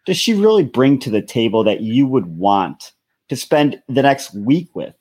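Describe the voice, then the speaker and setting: A man's voice: medium pitch, very animated, a little slow, a little mellow, slightly rough. A man co-hosting a comedy podcast, ranting casually in an exasperated way. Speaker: podcast co-host.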